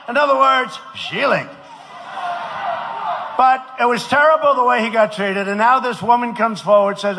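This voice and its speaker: A man from the United States giving a campaign rally speech, shouting and repeating phrases for emphasis. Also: extremely high pitch, normal speed. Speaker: politician addressing a rally. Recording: rally recording with clear background noise.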